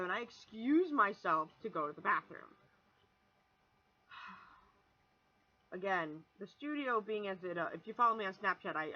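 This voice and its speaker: A young woman in her twenties telling a rambling, animated story on her vlog, swearing freely and restarting sentences as she goes. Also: medium pitch, dull audio. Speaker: vlogger.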